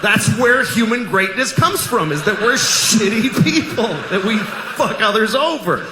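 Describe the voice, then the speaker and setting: A man performing stand-up in a very high voice, building sarcastic, provocative rants. The sound is roomy and echoey. Noise from the live venue sits underneath. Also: animated, unhurried. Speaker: stand-up comedian. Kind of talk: stand-up comedy routine.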